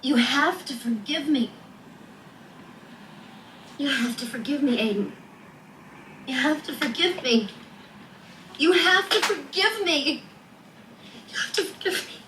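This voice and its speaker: An actress playing a woman pleading with her angry boyfriend in a TV drama, earnest and soft-spoken. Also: high-pitched, measured pace, long pauses, background noise. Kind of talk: TV drama acting. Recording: roomy, distant TV clip audio.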